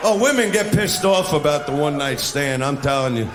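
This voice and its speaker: A male stand-up comedian doing a crude, brash routine, shouting his punchlines live on stage. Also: a little high, lively intonation, a little fast. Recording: echoey live venue with laughing audience and noise. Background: audience laughter.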